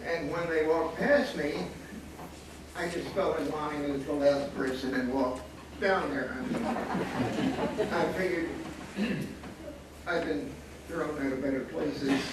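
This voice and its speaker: An older man in his seventies spins a wry anecdote at a panel discussion, chuckling now and then. His voice sits a little high for a man. He is picked up from a distance in a large, echoing hall, with a clear hum of noise behind him. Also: fairly even intonation, measured pace. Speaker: panelist, former student photographer. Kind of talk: storytelling at a panel talk. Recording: echoey hall, distant mic, audible noise.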